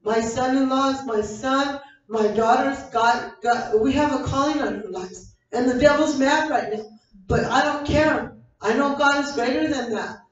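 A woman's voice: high-pitched, a little slow. Fervent woman pastor in an echoing church. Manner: fervent, repetitive preaching with many restarts. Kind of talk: evening sermon. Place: church sanctuary. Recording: echoey hall from a distant mic, dull sound.

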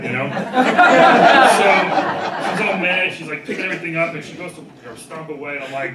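A man doing a stand-up set in front of a live audience, acting out people in loud put-on voices. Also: a little high, brisk, few pauses. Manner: animated, acts out people in shouted voices. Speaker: stand-up comedian. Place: live comedy venue with audience laughter. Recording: echoey room recorded from far off with background noise.

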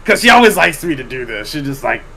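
A man's voice: on the high side, big pitch swings, fast talker, bright, forceful tone, slight background noise, low-quality recording. A man hosting a podcast, telling a profane story in a casual chat and laughing often. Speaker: podcast host.

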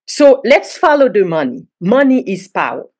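Woman from Haiti, roundtable panelist; prepared talk, emphatic, wry asides, very animated intonation. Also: mid-range voice, moderate pace. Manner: emphatic and rhetorical, with dry sarcasm.

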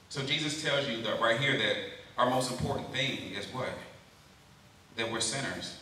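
A man giving a lively youth sermon at a camp, often calling out questions to his listeners. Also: mid-range voice, moderate pace, slight background noise. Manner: lively, calls out questions to the crowd. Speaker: camp speaker. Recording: very echoey hall, mic far off.

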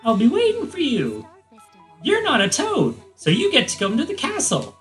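Dude doing a squeaky sweet princess voice, teasing, way up high. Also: male voice, wildly swooping pitch, moderate pace, a bit bright, soft background music, heavily acted. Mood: coy.

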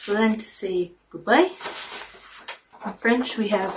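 Woman guide leader teaching kids phrases, slow, repeats everything, bit far from the mic. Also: medium pitch. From Ireland. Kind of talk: teaching simple phrases to children. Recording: voice a little far from the mic, faint noise.

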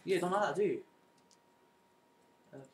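A man's voice: high-pitched, lively intonation, moderate pace, darkish tone. A young man commentating over his own gameplay, muttering to himself and breaking into frustrated outbursts. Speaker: gamer. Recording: echoey room, mic at a distance, faint noise.

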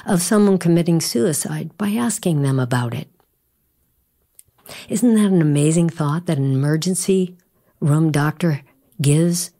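A woman's voice: low-pitched, dark tone. A woman hosting a devotional podcast, telling stories in an earnest, encouraging way with some fillers and restarts. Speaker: podcast host.

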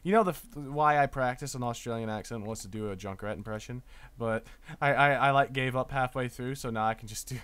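A man's voice: medium pitch, a little fast, fairly bright tone, clear, resonant tone, dry recording. A man in his twenties, a streamer and voice actor, chatting casually during a live-streamed game, stammering and restarting his sentences.

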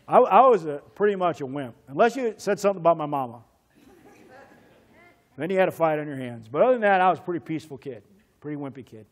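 In church, a pastor preaches a sermon, telling a childhood story and acting out its voices with swings in pitch before leading a prayer. He sounds animated and speaks at a quick pace.

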